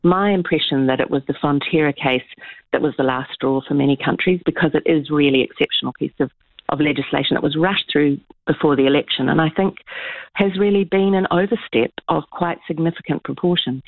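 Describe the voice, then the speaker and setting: A woman guest on a radio interview, speaking in a measured, earnest way through a tinny, phone-like line. The sound is dry and close, with no room around it. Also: sits low, no room sound. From New Zealand. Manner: measured, earnest explaining with frequent ums. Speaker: political scientist guest.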